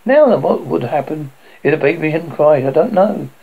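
A man's voice: fairly high pitch, lively intonation, normal speed, vocal fry, breathy edge, phone-quality sound, full character voice. A man doing a bold, bossy boy. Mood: urgent. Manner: blunt, commanding. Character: brave, bossy young boy.

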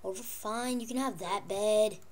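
A woman playing Minecraft and chatting casually, coaxing and fussing over her pet wolves in an excitable voice. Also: mid-range voice, a little slow, slight background noise. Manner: excitable, jumps between squeals and mutters. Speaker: Minecraft let's player. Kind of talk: casual gameplay commentary.

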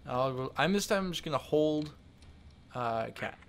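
A man's voice: a little high, lively intonation, a little slow, slight background noise. A man chatting hesitantly with teammates during a team game. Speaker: gaming teammate. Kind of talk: casual gameplay chat. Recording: gunfire behind voice chat.

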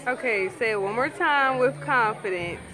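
A woman's voice: a little high, moderate pace. A woman hosting a video, coaching guests to repeat affirmations and laughing often. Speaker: video host. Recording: crowd chatter behind.

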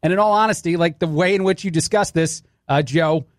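Wry talk radio man, high voice. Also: brisk, no room sound, studio quality. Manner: wry, critiques clips as he plays them. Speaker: fill-in radio host. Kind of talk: opinionated talk radio commentary.

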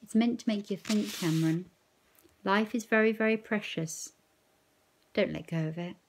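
A woman's voice: medium pitch, moderate pace, a little hiss or hum, close to an everyday voice. A woman reading a novel aloud, voicing an elderly grandmother who speaks earnestly and coaxingly. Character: elderly grandmother, gentle but firm.

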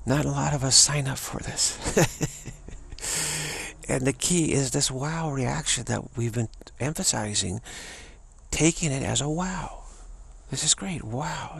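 A man's voice: medium pitch, unhurried, fairly bright tone. A man giving a rambling, casual spoken talk as a teacher, stammering and restarting often. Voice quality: gravelly, raspy voice. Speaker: spiritual teacher.

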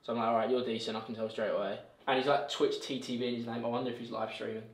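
A young man, giving loud, cocky, laughing commentary on his own gameplay as a pro gamer. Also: medium pitch, level tone, racing. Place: gaming room in a shared house. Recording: echoey room, faint music behind.

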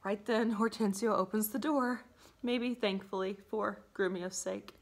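A woman's voice: mid-range voice, fairly even intonation, a little slow, heavy background noise. A woman teacher explaining a play in a chatty way, laughing often and saying "like" and "okay?" a lot. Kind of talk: casual classroom explanation.

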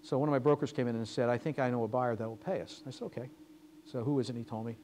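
A man talks quickly through a lecture, spinning business stories and voicing both sides of each conversation. His pitch sits in an ordinary middle range. A faint hum of room noise stays under the voice. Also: darkish tone. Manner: storytelling, acting out quoted dialogue. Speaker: guest speaker. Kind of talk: lecture with anecdotes. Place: lecture hall.

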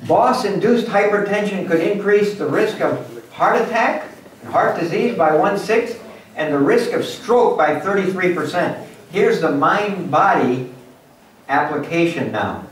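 A man giving a lively motivational lecture at a symposium, acting out little scenes for his audience. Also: high-pitched, a little slow, slight background noise. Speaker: guest speaker at a symposium. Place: university lecture hall. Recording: echoey hall from far off.

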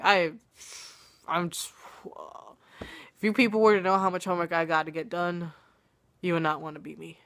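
Young woman vlogging from home, sick croaky voice, giggly and rambling, webcam mic. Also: on the low side, fairly bright tone. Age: young adult. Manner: chatty, self-mocking, giggly. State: sick, voice coming and going. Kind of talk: casual vlog chat. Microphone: webcam or phone camera.

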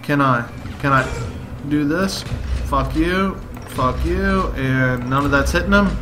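A man commentating a let's play while taking shots, shouting profane, excitable outbursts at the game. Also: fairly high pitch, takes it slowly, noisy background. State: drinking shots during play. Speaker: gamer playing a shooter.

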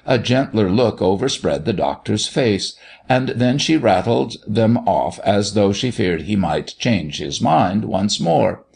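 Male audiobook reader, low gravelly voice, lively, expressive storybook narration.

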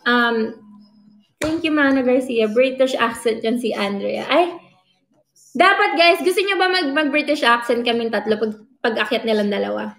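Bubbly high-voiced Filipino woman streamer. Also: normal speed, gravelly, a bit bright. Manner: bubbly, switching between English and Tagalog, thanking viewers. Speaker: livestream host. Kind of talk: casual livestream chat. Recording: roomy sound with faint music.

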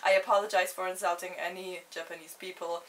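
A young woman co-hosting a reaction video, chatting playfully, swearing freely and stammering when excited. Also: fairly low pitch, fast. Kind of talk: casual reaction chat.

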